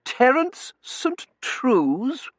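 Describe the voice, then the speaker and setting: A man's voice: very high voice, very animated, very slow, dry recording, pitched above the performer's own voice, exaggerated voice. A man voicing a haughty, frosty Victorian matron who speaks with icy disdain. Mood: indignant.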